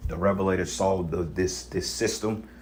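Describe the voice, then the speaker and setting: A man with a fairly low voice rants casually on religion and society. He talks in a blunt, profane, rambling way and leans heavily on slang. Faint noise sits behind him. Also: fairly even intonation, normal speed, darkish tone. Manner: street slang, frequent "you know what I'm saying". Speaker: religious vlogger.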